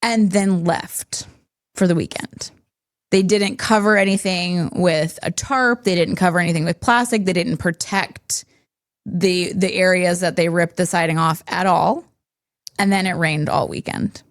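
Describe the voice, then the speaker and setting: A woman co-hosting a podcast, telling a homeowner's story in casual chat, animated and quick to laugh when stressed. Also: on the low side. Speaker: podcast co-host.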